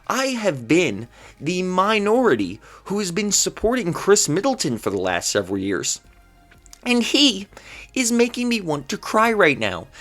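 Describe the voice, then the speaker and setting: A man vlogging basketball commentary in a solo rant, exasperated and incredulous, firing off rhetorical questions and stammering when flustered. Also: high-pitched.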